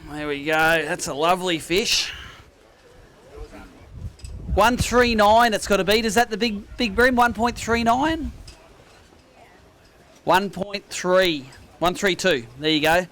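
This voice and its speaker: An Australian man hosts an outdoor fishing tournament weigh-in. His voice sits fairly high, and he jokes matily with each angler while calling out the weights. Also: slow, pauses often, a bit bright. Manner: jokey, matey, upbeat announcing. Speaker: weigh-in host. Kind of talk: casual tournament weigh-in banter.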